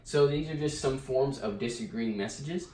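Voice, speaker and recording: A man's voice: mid-range voice, moderate pace, dark tone, a little hiss or hum. A man giving a casual summary lecture of a textbook chapter, with fillers and restarts. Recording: echoey room, mic at a distance.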